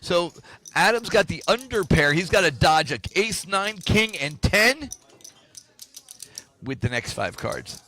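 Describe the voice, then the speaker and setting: A man with a high, bright voice calls a poker game live, play by play. He talks right to the viewers, walks through the odds and keeps the energy up. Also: slow pace, a little hiss or hum. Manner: lively, explanatory, talks straight to viewers. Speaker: poker tournament commentator.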